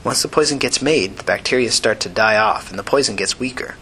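Man doing a chill shrewd poison dealer girl, smooth rich voice, bright tone. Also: on the low side, slight background noise, poor audio. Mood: wry. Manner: unhurried, wry. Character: young woman poison seller, calm and shrewd.

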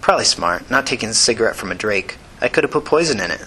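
A man voicing a smooth, shrewd poison seller. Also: fairly low pitch, expressive, bright, forceful tone, a little hiss or hum, low-quality recording. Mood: wry. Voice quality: smooth, rich. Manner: unhurried, wry. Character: young woman poison seller, calm and shrewd.

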